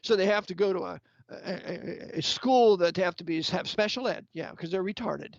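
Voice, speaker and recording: A man's voice: high voice, normal speed, vocal fry, no echo. A man delivering an impassioned sermon-style lecture, angry and emphatic, firing rhetorical questions at the listener. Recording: dull, lo-fi, dry sound.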